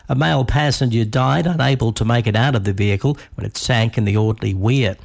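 Male newsreader, gravelly tone, formal and measured delivery. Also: mid-range voice, darkish tone. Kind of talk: radio news bulletin.

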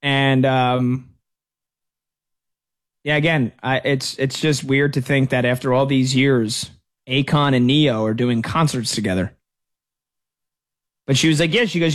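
A man's voice: mid-range voice, measured pace, pauses often. A man in his thirties hosting a sports talk radio show, chatting casually and telling stories with a self-deprecating touch. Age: 30s.

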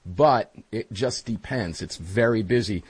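A man's voice: fairly low pitch, unhurried, husky, no room sound, rough recording. A man hosting a talk radio show from his studio, chatting energetically with his co-hosts and speaking directly to the listeners. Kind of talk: casual talk radio banter. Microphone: studio mic.

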